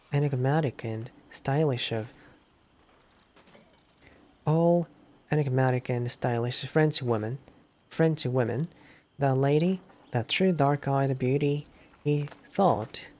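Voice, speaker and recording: A man, a Japanese native speaker, streaming a game and slowly reading English lines aloud, repeating words and looking them up. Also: mid-range voice, darkish tone.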